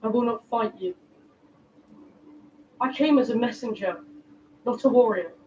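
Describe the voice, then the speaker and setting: Young male envoy: very high and earnest, distant TV sound. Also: measured pace, darkish tone, slight background noise. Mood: wary. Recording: muffled TV sound from across a room.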